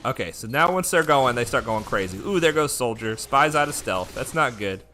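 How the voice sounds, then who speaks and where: A man giving excited live commentary while playing a mobile game, chatting with his viewers as he goes. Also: medium pitch, normal speed.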